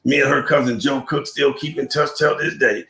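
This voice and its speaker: An older man hosting a live stream, chatting in slang, telling a comic story and giving shout-outs to his viewers. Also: medium pitch, fairly even intonation, moderate pace, vocal fry, roomy sound. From Buffalo, New York.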